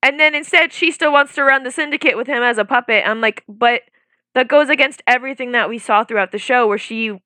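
A young woman with a bright, sharp tone, recorded close and dry. She talks through her views in long, casual, reasoned stretches, often filling gaps with "like.". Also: on the high side, brisk, no room sound. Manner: talkative, reasoned, lots of "like" fillers. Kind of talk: casual chat.

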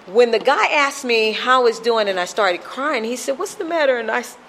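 A woman's voice: on the high side, normal speed, a bit bright, a little hiss or hum. A middle-aged woman telling her recovery story at a meeting, emotional and repetitive in her storytelling.

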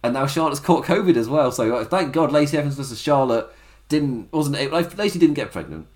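Animated man rambling through a recap. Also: mid-range voice, fairly quick. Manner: chatty, rambling, laughs often, acts out quotes. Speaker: wrestling show reviewer. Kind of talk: casual spoken recap.

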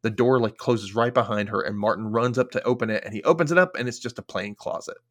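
A man's voice: mid-range voice, fast talker, fairly bright tone. A man hosting a podcast, casually recapping a TV episode in a chatty way, full of filler words and casual swearing. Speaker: podcast host.

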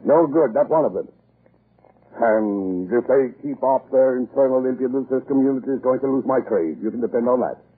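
An actor playing a pompous, blustering older English lord in 1940s radio acting, who stammers with "uh" when cornered. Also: male voice, mid-range voice, normal speed, husky. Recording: muffled lo-fi old radio broadcast.

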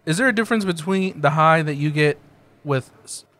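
Male co-host, higher-pitched, asks quick questions. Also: a bit bright. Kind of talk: casual podcast banter.

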